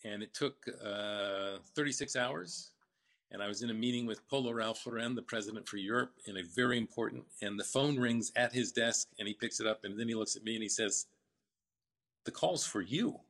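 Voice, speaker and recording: Older man, low voice, halting storytelling, lots of fillers. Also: steady tone, vocal fry, fairly bright tone. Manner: halting, many fillers and restarts. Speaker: guest, businessman telling his story. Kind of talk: casual interview storytelling.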